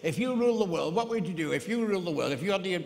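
A man's voice: high-pitched, lively intonation, very fast, creaky, voice pushed up. A man doing an impression of a pushy northern quiz host with a Northern English accent, who repeats the same question again and again. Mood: pressing. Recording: long hall reverb.

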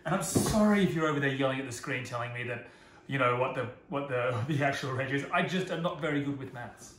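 A man's voice: medium pitch, quick pace, fairly bright tone. A man, a chef giving a chatty, self-deprecating live cooking demonstration from a kitchen. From Australia. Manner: chatty, self-deprecating, laughs at own slips. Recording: roomy echo, faint noise.

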